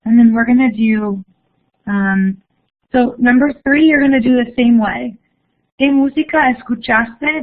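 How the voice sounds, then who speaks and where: A young woman teaching a live online lesson, upbeat and encouraging as she reads answers from the chat. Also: fairly high pitch. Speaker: Spanish teacher. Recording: phone-like narrow audio.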